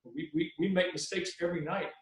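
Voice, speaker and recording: A man's voice: sits high, fairly quick. A man, a veteran basketball referee, telling stories in a podcast interview and acting out what he says to coaches. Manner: folksy storyteller acting out sideline exchanges. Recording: very echoey room.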